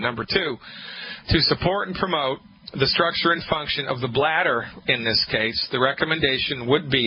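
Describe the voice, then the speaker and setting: A male radio show host giving call-in advice in an upbeat, salesy way, repeating his key points. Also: medium pitch. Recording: muffled radio broadcast with faint noise.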